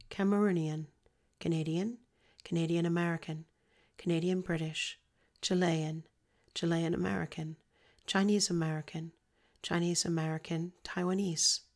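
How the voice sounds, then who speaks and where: A woman reading an informational text in a scripted, even, list-like way. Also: on the low side, gravelly.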